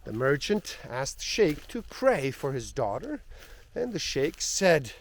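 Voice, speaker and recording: A man reading passages of a spiritual book aloud in a slow, reflective way. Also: a little high, very animated.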